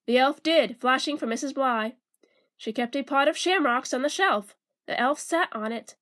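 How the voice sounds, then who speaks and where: A woman reading a children's storybook aloud in a slow, careful, sing-song way. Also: sits high, fairly bright tone.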